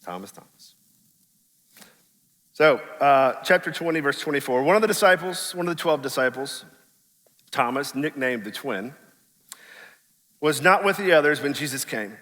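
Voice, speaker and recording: Man, pastor, sermon, casual storyteller, does quote voices, bright tone, long church reverb. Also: a little high, moderate pace. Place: church sanctuary.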